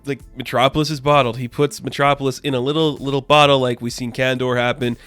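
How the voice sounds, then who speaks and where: A man's voice: medium pitch, level tone, quick pace, a bit bright, no echo, soft background music. A man giving a casual comic book review, chatty and full of fillers, loosely paraphrasing what the characters say.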